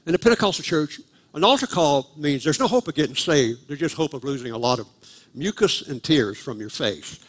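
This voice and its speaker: A man's voice: a little high, lively intonation, fairly quick. An older man, preaching a sermon at a live church service and telling a humorous, self-deprecating story about his past. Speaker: guest preacher.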